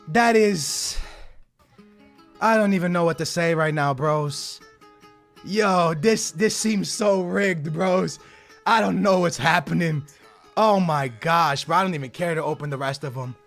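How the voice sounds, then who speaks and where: An excitable young man with a high, gravelly voice does pack-opening commentary for a gaming channel. His voice shakes with excitement, and he stammers and keeps calling his viewers "bros". Music plays faintly behind him. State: shaky voice from excitement. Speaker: gaming YouTuber.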